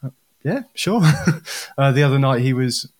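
A man chatting on a podcast, with a pitch that swings up and down as he tells family stories. He laughs easily and keeps an animated, storytelling flow. His voice sits in the middle of the male range. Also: normal speed. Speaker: podcast co-host. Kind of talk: casual chat.

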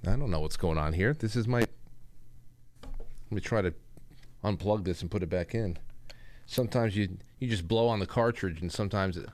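A man's voice: deep voice, moderate pace, long pauses, a little mellow, a little hiss or hum. A man hosting his own show, talking in a rambling, joking, self-deprecating way. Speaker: host. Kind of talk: casual monologue.

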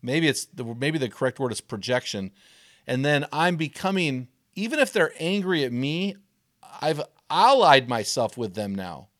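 A man's voice: medium pitch, big pitch swings, moderate pace, fairly bright tone, no room sound, studio quality. A man hosting a podcast interview, thinking aloud and rephrasing his guest's points in his own words. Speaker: podcast host.

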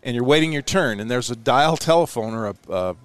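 A middle-aged man, a former astronaut, telling a story in a casual chat, animated, laughing often and acting out what people said. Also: medium pitch, fairly quick, clear, resonant tone, dry recording.

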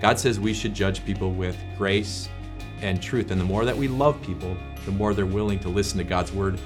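A man's voice: deep voice, moderate pace, music in the background. A male pastor teaching a short devotional in an earnest, conversational way, with prayers.

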